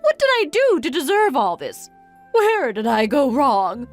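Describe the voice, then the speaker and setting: A woman plays an exasperated, self-pitying middle-aged mother firing off complaints as rapid questions. Her slightly high pitch swings widely line to line in a sing-song way, with soft music faint behind this dramatized family story.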